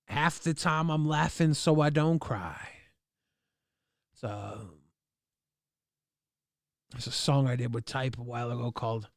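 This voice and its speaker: A man streaming live, chatting casually and reacting to videos with excitable, profane outbursts. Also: mid-range voice, no room sound, clean studio sound.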